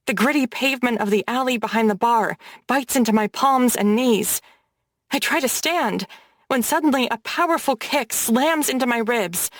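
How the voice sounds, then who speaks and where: A woman narrating a first-person audiobook in an expressive, intimate storytelling manner. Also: fairly high pitch, no echo, studio quality.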